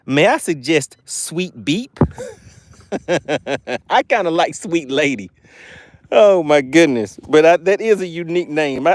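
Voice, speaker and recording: Casting note: upbeat male fishing host, slightly higher voice, chatty and laughing, live from a boat, dry close mic. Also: dry recording. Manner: chatty, reads viewer comments aloud, laughs often. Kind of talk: live stream chat from a boat.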